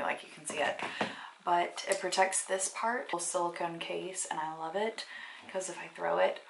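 A woman's voice: fairly low pitch, gravelly, noisy background. A young woman talking casually to camera in a vlog, chatty and rambling with lots of filler words. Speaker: vlogger.

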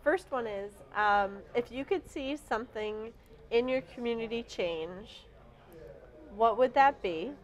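A woman's voice: fairly high pitch, slow, rough recording. A woman pastor interviewing a guest on community TV, asking friendly questions. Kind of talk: casual interview.

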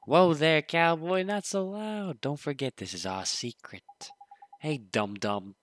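A man's voice: on the high side, measured pace, voice pushed up, lightly acted. A man doing a brash New York boy. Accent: put-on New York. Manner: brash, nicknaming. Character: cocky boy inventor, bossy friend.

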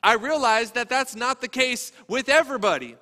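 Bright-voiced pastor preaching in a reverberant hall. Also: male voice, extremely high pitch, animated, moderate pace. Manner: conversational, joking asides, acts out quoted voices. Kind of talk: sermon. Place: church sanctuary.

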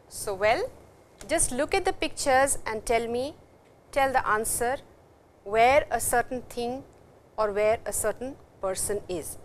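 A woman giving a recorded university language lecture, speaking slowly and patiently, repeating words and stressing how they sound. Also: on the high side, a little hiss or hum. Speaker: language teacher.

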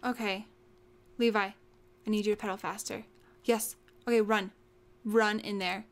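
High, excitable young woman gaming. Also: normal speed. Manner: excitable, gasping and exclaiming often. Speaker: let's play host. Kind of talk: casual gameplay commentary.

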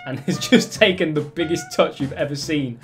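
A young man commentating his own football video game match, swinging between loud exasperated outbursts and laughter. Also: fairly high pitch, normal speed, soft background music. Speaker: gaming YouTuber. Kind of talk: excitable gameplay commentary.

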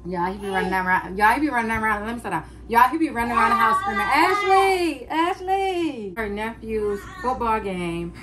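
A woman's voice: mid-range voice, fast talker, hardly any pauses, heavy background noise. A young woman vlogging from home, chatting to viewers in a casual, talkative way and calling them y'all. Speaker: vlogger mom. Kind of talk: casual home vlog talking to camera. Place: home kitchen and living room.

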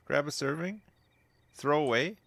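A man's voice: expressive, unhurried, creaky, a bit bright, no echo. Dry, wry man commenting on his game. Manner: wry, laughing, swings between amused high and muttered low. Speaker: streamer playing a life-sim game. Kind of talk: casual gameplay commentary.

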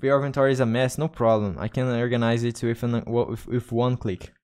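A man with a Brazilian Portuguese accent talks casually to his viewers during a game livestream. His English comes in halting bits, with words repeated and restarted, at a mid pitch. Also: level tone, darkish tone. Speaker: streamer. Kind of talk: casual gaming livestream chat.

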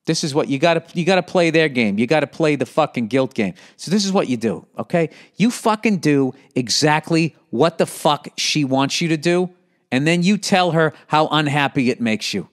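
This Boston-accented podcast host, middle-aged, speaks a little high and at a moderate clip. After reading each listener letter out loud, he launches into a profane, lively rant full of swearing.

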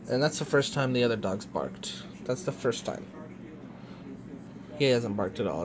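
A vlogger speaking low and hushed, soothing in a soft reassuring voice that slips into whispers. The pitch leaps up sharply on the comforting bits. A steady hiss of noise runs under everything. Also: moderate pace, pauses often. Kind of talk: casual vlog, soothing a pet.

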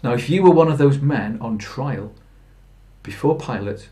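A man's voice: medium pitch, expressive, normal speed, mellow. A man preaching a Good Friday sermon in plain storytelling, earnest, with fillers and restarts. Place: church.

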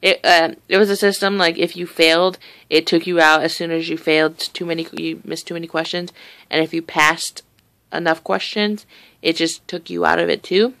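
A teenage girl lying on her bed indoors talks casually to her camera, with a gravelly, fry-laden edge to her voice. She rambles freely and swears offhandedly, in an easy chatty way. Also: fairly low pitch, steady tone, normal speed, fairly bright tone, no echo. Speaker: vlogger. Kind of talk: casual chat.

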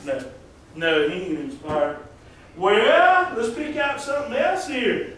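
High-voiced man, folksy preaching, jokey questions to the pews, echoey church hall, distant mic. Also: slow, fairly bright tone. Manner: joking, asks the congregation questions. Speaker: pastor. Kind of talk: folksy sermon.

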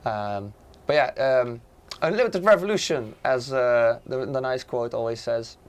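A man with a raspy, hoarse voice from being sick, co-hosting a casual livestream at an ordinary mid pitch. He talks in stop-start bursts, full of fillers and restarts. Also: unhurried. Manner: hesitant, many fillers and restarts. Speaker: livestream co-host.

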